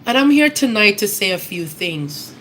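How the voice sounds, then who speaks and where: A woman's voice: medium pitch, very animated, normal speed, a bit bright, slight background noise, low-quality recording. A woman giving a personal tribute at a memorial service, telling stories in a chatty way and then making earnest appeals to the audience. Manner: conversational storytelling, earnest appeals.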